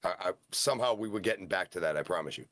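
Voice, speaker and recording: Low-voiced excited wrestling podcast host. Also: male voice, no room sound, clean studio sound. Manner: excited, rapid-fire match recap. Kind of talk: casual wrestling review chat.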